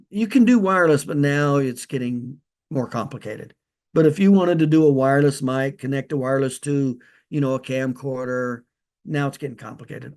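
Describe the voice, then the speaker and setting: A man with a mid-range, slightly mellow voice is a practice consultant recording a casual spoken training video. He holds a lavalier mic like a handheld one and gives loose, direct instructions, often restarting.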